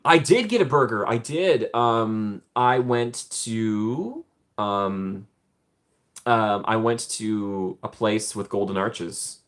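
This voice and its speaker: A man in his thirties hosting a casual live stream from home, reading and thanking viewers by name with playful, rambling jokes and quick laughs. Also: mid-range voice, a bit bright. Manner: jokey asides, quick laughs. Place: room at home.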